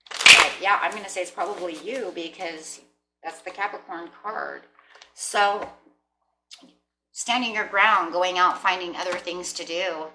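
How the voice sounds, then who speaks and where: A woman giving a casual tarot reading, chatty, often clearing her throat and checking in with "right?" and "you know?". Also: fairly low pitch, a little slow, long pauses, noisy background. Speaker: tarot reader. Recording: roomy echo.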